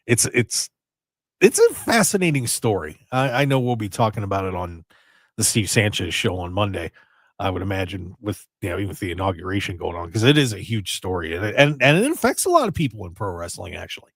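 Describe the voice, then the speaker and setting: A man hosting a wrestling radio show in casual chat, animated and prone to repeating words as he starts a sentence. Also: lowish voice, fairly quick, breathy edge, no room sound, clean studio sound.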